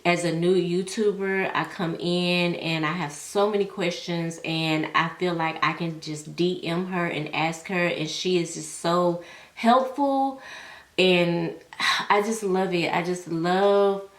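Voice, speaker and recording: A woman's voice: on the low side, takes it slowly. Chatty woman vlogging in an echoey room. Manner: chatty, heartfelt, Southern-style slang. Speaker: beauty vlogger. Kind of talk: casual chat while doing makeup.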